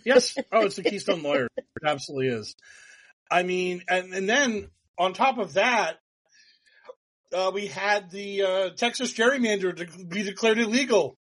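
A man with a high voice talks in a loose, sarcastic ramble, full of restarts and quick asides. His casual chat swings between mockery and excitement. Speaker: podcast co-host.

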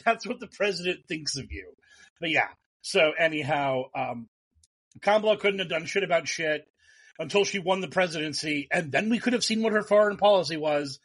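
A man hosting a casual political podcast, talking in an animated, profane and sarcastic way. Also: fairly high pitch, normal speed, breathy edge. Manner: animated, profane, sarcastic, mocks others in put-on voices. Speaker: podcast host.

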